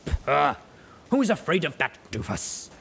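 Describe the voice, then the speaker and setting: A man's voice: fairly high pitch, sing-song, slow, creaky, fairly bright tone, a little hiss or hum, pitched above the performer's own voice, exaggerated voice. A man voicing a reckless, bloodthirsty striped mare who talks in a mocking, flippant way. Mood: gleeful.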